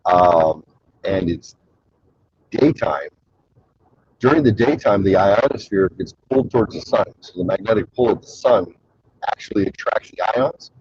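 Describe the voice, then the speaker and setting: A man hosts his own show, telling long rambling stories full of fillers and crude jokes. His voice is low and very husky. The recording sounds dry and a bit dull, like a lo-fi mic. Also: lively intonation, moderate pace, pauses often, darkish tone, no room sound. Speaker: show host. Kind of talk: casual rambling storytelling.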